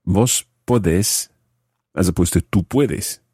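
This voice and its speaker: Deep husky male language teacher. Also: warm tone, dry recording, studio quality. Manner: explains slowly, repeats example phrases. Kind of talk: podcast language lesson.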